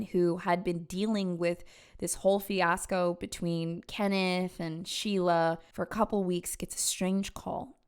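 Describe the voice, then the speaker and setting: A woman's voice: lowish voice, clear, resonant tone. A woman hosting a true crime show, telling the story in an emphatic, conversational and opinionated way. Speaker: host.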